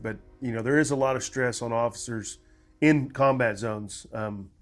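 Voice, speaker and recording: A man's voice: mid-range voice, moderate pace, soft background music. Laid-back male host. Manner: laughing, relaxed and conversational. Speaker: podcast host, veteran. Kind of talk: casual interview chat.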